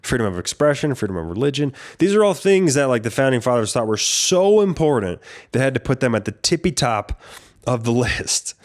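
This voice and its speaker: Man, podcast host, casual sweary storyteller, average pitch. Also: a little fast. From United States. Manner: profane, rambling, animated.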